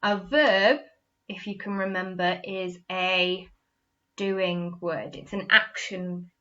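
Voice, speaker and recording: A woman's voice: fairly low pitch, takes it slowly, fairly bright tone, dull audio. A woman teaching a recorded primary school lesson to young children, patient and explaining step by step, checking in with frequent "okay?". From England.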